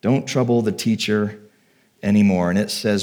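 This pastor's voice sits on the low side and is a little mellow, moving at a normal speed. He preaches a sermon by reading scripture aloud and then retelling it with feeling. His delivery is conversational and heartfelt, woven with personal stories.

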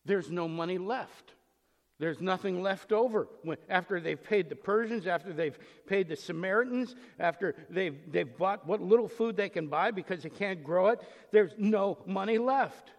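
A man's voice: high-pitched, moderate pace. A man preaching a sermon as pastor, emphatic, asking rhetorical questions and acting out the voices in the text. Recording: long reverb in a large hall.

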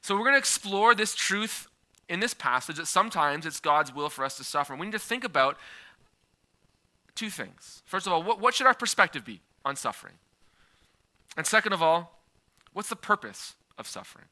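A man in his thirties delivers a sermon in a lively, conversational manner, weaving in personal stories. His voice sits a bit high and has a very bright, sharp edge. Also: normal speed. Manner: conversational, animated, with frequent filler and restarts. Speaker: preacher.

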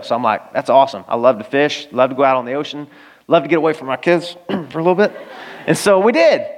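A man from Arkansas delivers a sermon in a chatty, animated storytelling style. His voice sits a little high. He often turns and speaks straight to his listeners. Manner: animated storytelling, conversational, addresses listeners directly. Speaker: pastor.

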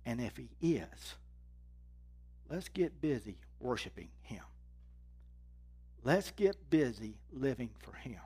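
A man preaching a sermon, reading scripture with rising intensity and dropping low and quiet to drive points home. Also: lively intonation, slow pace, pauses often, slightly rough.

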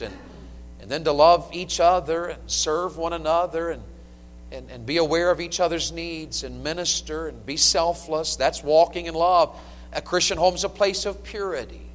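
A man's voice: a little high, slight background noise. Emphatic male preacher in a ringing hall. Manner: emphatic, storytelling, swings from loud to hushed. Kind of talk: sermon. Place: church sanctuary. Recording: echoey church hall.

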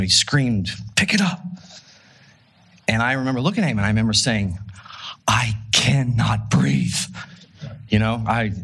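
A man delivers a sermon with a slightly husky, breathy voice. He talks like he is chatting with the congregation, tossing in jokes and stumbling over restarts as he tells a story. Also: lowish voice, fairly bright tone. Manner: conversational, joking, with many restarts. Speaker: pastor.

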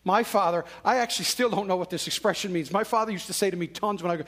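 Male preacher, high-pitched, chatty sermon delivery with acted-out quotes. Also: quick pace, fairly bright tone. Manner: conversational preaching with dramatic quoted voices. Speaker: pastor.

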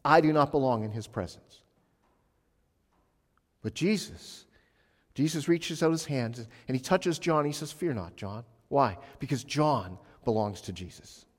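A male pastor preaching a sermon with emphasis, swinging between loud passages and hushed ones. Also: medium pitch, animated, measured pace. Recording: long reverb of a large hall.

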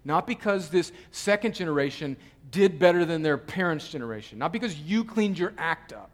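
A man preaching a sermon, passionately pleading at times and dropping to a quiet, earnest tone at others, often repeating his words. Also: on the high side, animated, a little fast, few pauses, big-room sound. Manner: repeats words, restarts phrases. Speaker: pastor.

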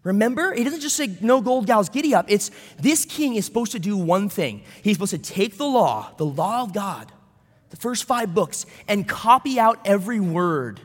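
A man's voice: sits high, big pitch swings, moderate pace, a bit bright, long reverb tail. A man pastor preaching a sermon in a conversational way, with storytelling asides.

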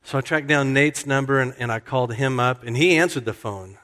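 A man's voice: medium pitch, fairly quick, a bit bright. A male pastor preaching a sermon, telling a story in a conversational way that often restarts mid-sentence. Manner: conversational, self-correcting storyteller. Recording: long hall reverb.

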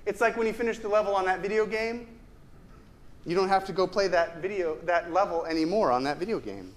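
A man with a notably high-pitched voice delivers a sermon. He speaks conversationally, often posing rhetorical questions to the congregation and doubling back on a word now and then. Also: brisk. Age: adult with a ten-year-old son. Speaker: pastor.

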